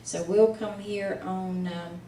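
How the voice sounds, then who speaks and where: A woman's voice: medium pitch, steady tone, slow, warm tone, slight background noise. A woman teaching a class, patient and a little tired, coaxing students along with frequent fillers. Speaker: Hebrew teacher. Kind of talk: slow, patient classroom instruction. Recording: echoey room, distant mic.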